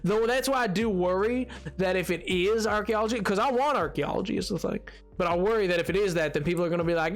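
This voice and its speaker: A rambling, excitable streamer chatting live while building in a game, greeting chat and talking over themselves with frequent false starts. Now and then they slip into a joking put-on accent. Faint music plays underneath. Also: medium pitch, fast, hardly any pauses. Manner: rambling and excitable, reading chat aloud with many restarts; sometimes puts on a joking accent.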